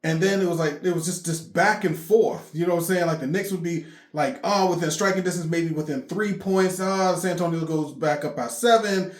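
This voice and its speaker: A man, excitedly recapping a basketball game for his fan vlog, emphatic and repeating himself. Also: a little high, fairly quick, hardly any pauses, echoey room. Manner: animated, emphatic, repeats himself, laughs often. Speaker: sports fan vlogger.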